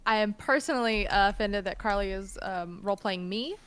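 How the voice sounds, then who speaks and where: A woman's voice: mid-range voice, fairly quick, fairly bright tone, a little hiss or hum. Giggly woman running a tabletop game. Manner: upbeat and giggly, with frequent laughs and restarts. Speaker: game master. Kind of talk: narrating a tabletop role-playing game on a live stream.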